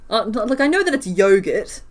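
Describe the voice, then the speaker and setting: An Australian woman with a rural accent chats with her viewers while she crochets on a stream. She talks in a casual, giggly way and breaks into laughter often. Her voice sits in a middle pitch. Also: animated, brisk.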